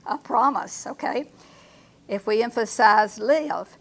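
A woman leading a Bible study class, reading verses slowly and asking her group questions. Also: fairly high pitch.

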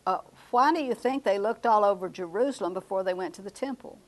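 A woman's voice: mid-range voice, brisk. Older woman, Bible study teacher; conversational, chuckles, echoes the class. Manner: conversational, repeats class answers, chuckles often.

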